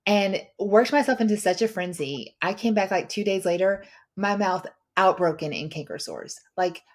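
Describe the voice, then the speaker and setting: A middle-aged woman hosting a podcast, telling a personal story in a chatty, animated way with lots of filler words. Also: mid-range voice, normal speed. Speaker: podcast host; mother of daughters. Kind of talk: casual storytelling chat.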